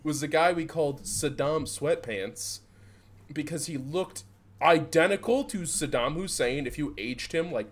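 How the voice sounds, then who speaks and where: A young man from Southeast Michigan co-hosts a podcast, his fairly high voice moving a little slowly. In casual chat he rambles through old work stories, swearing and laughing along the way.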